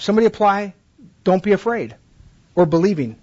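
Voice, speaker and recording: A man's voice: sits high, fast talker, darkish tone, highs cut off. A man training Bible teachers in a conversational way, asking questions and acting out classroom exchanges.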